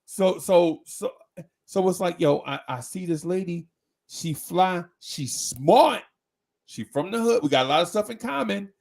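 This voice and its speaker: Gravelly man rambling on a live show. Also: high voice, lively intonation, measured pace, darkish tone. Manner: rambling, repeats words, restarts often; slangy, conversational, asks "right?". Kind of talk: casual live chat.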